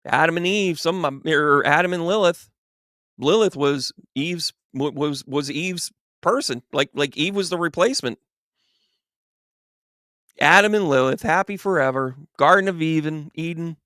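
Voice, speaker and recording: A man's voice: fairly high pitch, measured pace, bright, forceful tone, no room sound, clean studio sound. A man, a spiritual medium, telling a comic, irreverent retelling with rambling restarts. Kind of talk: comic storytelling talk.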